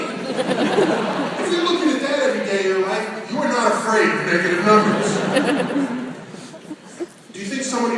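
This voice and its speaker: Animated man lecturing in a big echoey hall. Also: high voice. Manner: animated, playful, teasing the crowd. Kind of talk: public science talk to a live audience. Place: large hall. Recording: echoey hall from far off, noisy.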